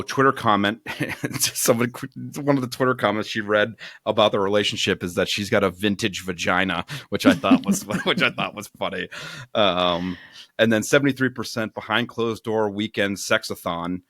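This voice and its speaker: A man's voice: fairly low pitch, normal speed, fairly bright tone, no echo, clean studio sound. Crude, rambling man reviewing a book. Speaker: podcast co-host. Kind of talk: casual book review chat.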